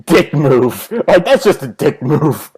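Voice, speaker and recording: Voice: mid-range voice, lively intonation, takes it slowly, darkish tone, slightly rough. A co-host chiming in with wry asides during a casual comic book chat. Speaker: podcast co-host.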